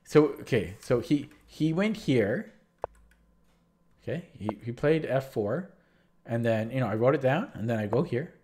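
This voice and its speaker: His pitch is medium, his intonation lively, and his pace a little slow, with a darkish tone. Feeling sick with a sore throat, he casually recaps his chess games on a livestream, rambling and restarting sentences while describing what happened.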